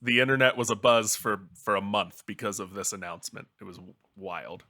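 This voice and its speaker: A man joking around as a podcast panelist, playful while pitching ideas in casual chat. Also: fairly quick, pushed and bright.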